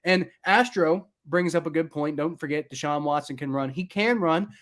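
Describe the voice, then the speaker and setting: A man chatting casually on a sports podcast, his voice sitting a little high. He rambles, circling back with fillers and restarts as he builds his point. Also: moderate pace, fairly bright tone. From Ohio. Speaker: podcast co-host.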